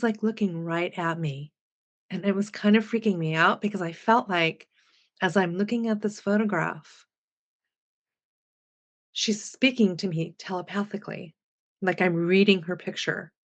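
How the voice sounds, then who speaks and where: A woman in her sixties, a podcast guest animatedly recounting a personal story and acting out remembered dialogue. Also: medium pitch. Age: 60s.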